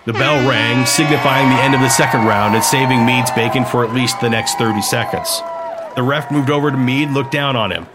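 A man reading a sci-fi audiobook in steady, even scripted narration. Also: mid-range voice, fairly quick, loud music behind the voice, a loud crowd.

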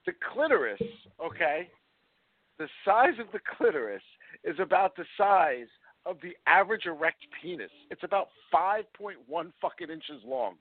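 A man on a podcast gets worked up and talks with a high, bouncing voice, swearing and tripping over his own words. The sound is thin and dry, like a phone line, with no room around it. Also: normal speed, no room sound. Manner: excitable, swearing, hesitant restarts. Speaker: podcast co-host. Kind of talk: casual chat.

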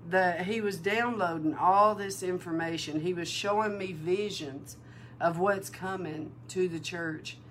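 A woman minister giving a sermon-style testimony, animated and emotional, acting out the dialogue in her story. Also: lowish voice, unhurried, slight background noise. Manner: emotional, near tears. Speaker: prophetic minister.

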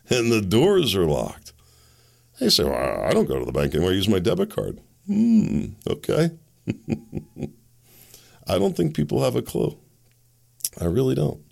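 A middle-aged male host delivering a sarcastic, ranting monologue. His voice sits very low with a gravelly edge, yet it swings widely in pitch as he scoffs and jabs. Scornful little laughs break up his complaints. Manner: ranting, sarcastic, mocking asides. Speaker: political commentary host. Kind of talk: opinion monologue.

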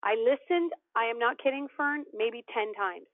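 A fairly high-voiced woman tells a personal story with lively energy, slipping into the voices of the people in it. The sound is thin and phone-like, and it is dry, with no room around it. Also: normal speed, no echo. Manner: animated storyteller, acts out quoted dialogue. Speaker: podcast guest. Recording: tinny phone-line audio, dry.

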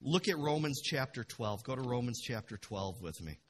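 A man pastor preaching a passionate sermon in a church, dropping to a hush and then rising to loud bursts. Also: mid-range voice, animated, normal speed, a little hiss or hum. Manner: passionate, swings from hushed to loud.

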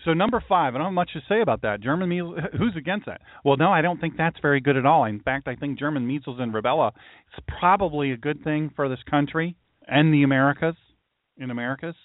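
A man, a pastor, giving a mocking, animated commentary monologue and talking to an imagined audience. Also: a little high, fast, no room sound. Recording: tinny phone-like dry sound.

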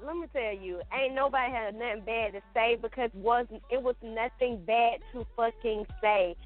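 A woman's voice: fairly high pitch, normal speed. A woman calling in to a morning talk show, telling stories brashly and swearing. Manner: brash, profane storytelling. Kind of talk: casual call-in chat. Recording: tinny phone line.

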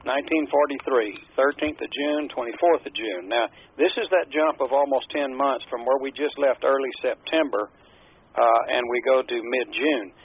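A man co-hosting a podcast, calmly walking through a book's dates and inviting his co-host to comment. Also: mid-range voice, husky, phone-quality sound. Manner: measured, agreeable, reads out dates from the book. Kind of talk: casual discussion of a historical text.

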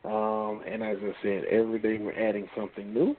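A man calling in as a guest poet, easygoing and agreeable, spelling details out slowly. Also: fairly low pitch, monotone. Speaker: guest poet, website founder. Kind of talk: casual call-in chat. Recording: tinny phone line with faint hiss.

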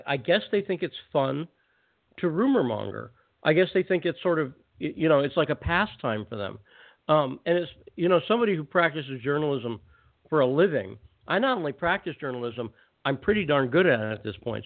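Talk radio host, man, slightly high voice, ranting chat, tinny phone-like sound. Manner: ranting, conversational, quick asides. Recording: phone-like narrow band audio.

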